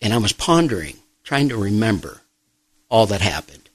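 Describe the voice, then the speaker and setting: A middle-aged man, a pastor and grief counselor, speaking softly and reflectively in an interview, pausing often. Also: fairly low pitch, very animated, no room sound, rough recording. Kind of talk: personal testimony in an interview.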